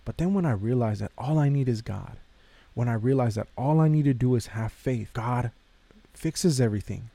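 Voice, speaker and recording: A man's voice: medium pitch, moderate pace, vocal fry, mellow, no room sound. A man hosting a podcast, giving a casual devotional talk in a conversational way, repeating phrases and addressing listeners directly. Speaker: podcast host.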